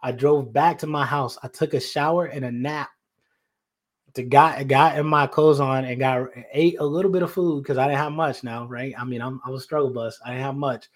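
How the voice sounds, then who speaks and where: A man's voice: mid-range voice, steady tone, moderate pace. A man from North Carolina, a podcast host telling a story in a loose, slangy way with many asides to his listeners, out on location. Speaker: podcast host and life coach. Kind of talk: casual storytelling. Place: out on location in his childhood neighborhood.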